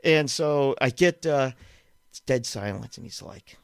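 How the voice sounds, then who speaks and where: A male podcast guest spins a casual anecdote in a mid-pitched voice that rises and falls with lively swings. He laughs often and stumbles into repeated words as the story tumbles out. The sound is close and dry. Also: unhurried, gravelly, clean tone, no room sound. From Western Massachusetts, USA. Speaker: guest, documentary filmmaker.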